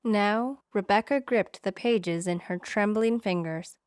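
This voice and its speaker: Brief: female audiobook narrator, steady expressive reading, mid pitch, very dry close sound. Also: a little slow, clean tone, no room sound. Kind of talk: scripted storybook narration.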